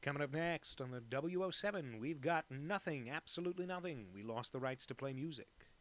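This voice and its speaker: A man voicing a brash male radio DJ who loudly goads his listeners. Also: fairly high pitch, expressive, fairly quick. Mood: taunting. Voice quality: loud and goading.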